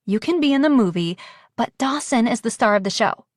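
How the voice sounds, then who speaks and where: A woman's voice: on the high side, lively intonation, brisk, no echo, voice pushed up. Woman doing a guarded lady agent, short clipped answers, dry close sound. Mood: firm. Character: guarded female security agent.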